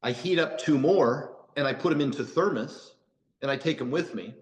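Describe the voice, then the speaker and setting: In a rough recording, a man from the United States with a medium-pitched voice speaks at normal speed as a podcast interview guest. He spins casual stories, restarting sentences and dropping frequent "you know"s.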